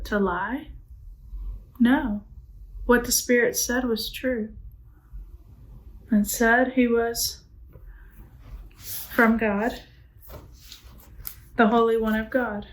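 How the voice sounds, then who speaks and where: A woman's voice: on the high side, poor audio. Woman teaching a youth Bible class. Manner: asks the class questions and answers them herself; casual and conversational, with frequent "like". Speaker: middle school Bible teacher. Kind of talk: church youth Bible lesson.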